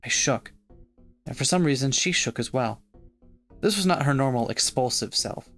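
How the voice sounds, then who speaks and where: A man co-hosting a let's-play, reading the narration of a visual novel aloud in an expressive way. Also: mid-range voice, normal speed, faint music behind. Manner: expressive narration with swearing asides. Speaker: podcast co-host.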